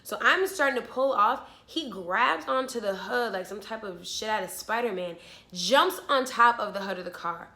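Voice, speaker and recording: A woman's voice: mid-range voice, animated, normal speed, pushed and bright, slight background noise. A young woman vlogger animatedly retelling a frightening story, swearing freely and talking breathlessly. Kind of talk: storytime vlog.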